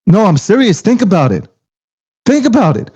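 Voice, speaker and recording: Guy going off about crypto, high lively voice, cussing, dull lo-fi sound. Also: slightly rough. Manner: profane, emphatic, rapid rhetorical questions. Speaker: crypto commentator. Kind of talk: heated casual rant. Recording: dull lo-fi audio.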